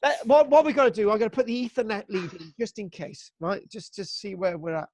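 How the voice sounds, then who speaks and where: Over a video call, a man from Britain runs a live online archaeology class for young students, full of jokes and excitement, feigning exasperation and tacking "right?" onto what he says. His voice sits high and he speaks quickly.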